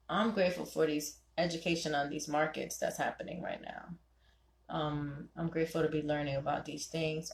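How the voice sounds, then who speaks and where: A young woman hosting a ladies' night call, giving animated, preachy advice and quoting her husband in voices. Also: on the low side, echoey room. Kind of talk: casual talk to listeners.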